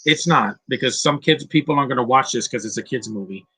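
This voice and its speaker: A man's voice: medium pitch, fast, pushed and bright, slightly rough, low-quality recording. A man in his thirties giving casual live-stream movie commentary, rambling and blunt, swearing freely and often restarting sentences. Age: 30s.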